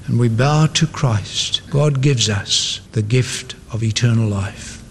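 A man's voice: medium pitch, slow, hardly any pauses, slight background noise. A man preaching a sermon, building up his points with dramatic repeated refrains. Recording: long hall reverb.

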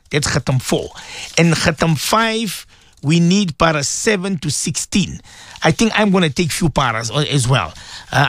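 A man hosting an early-morning devotional radio show, his voice sitting high for a man. He preaches with fervour and repeats himself, climbing into excited exclamations and then sinking low and hushed. The studio sound is dry and close, with no room around it. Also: dry recording. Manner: fervent, repetitive, preacher-like, swings between high exclaiming and low hushed tones. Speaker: radio host.

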